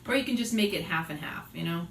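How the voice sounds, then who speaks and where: A woman's voice: on the low side, animated, quick pace, fairly bright tone. A talkative woman with a light Boston accent chats to her viewers while she cooks. She sounds a little distant from the mic in an echoey room, with faint background noise. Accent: slight Boston. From Boston area. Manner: chatty, giggly, talks to viewers. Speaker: vlogger and yoga teacher. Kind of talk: casual cooking chat.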